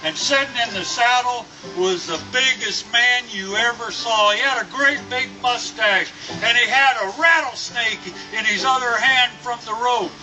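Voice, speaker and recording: A man slowly telling a long cowboy joke as a storyteller. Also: very high voice, bright, forceful tone, far from the mic, faint music behind, poor audio. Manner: slow, drawn-out storytelling. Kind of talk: telling a tall-tale joke.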